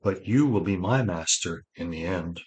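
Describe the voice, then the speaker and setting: A man reading an audiobook voices an old male mage with a gentle, solemn manner, giving slow and measured counsel. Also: deep voice, natural voice. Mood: grave.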